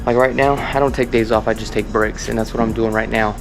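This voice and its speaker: A man's voice: lowish voice, fairly even intonation, a little fast, vocal fry, over music. A man, a real estate agent vlogging in a loose, rambling, motivational way. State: out of breath while walking. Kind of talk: casual vlog talk to camera.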